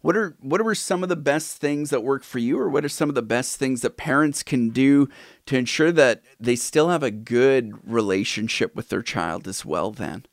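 A man's voice: mid-range voice, normal speed, dry recording. A man hosting an interview, asking a guest thoughtful, open questions about parenting and adding his own reflections. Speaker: interview host. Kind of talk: conversational interview.

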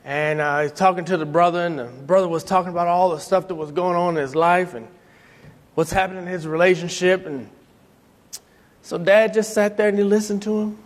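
A man telling stories about his late father, animated, acting out voices and laughing often. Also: high voice, brisk. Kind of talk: storytelling talk to an audience. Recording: long hall reverb.

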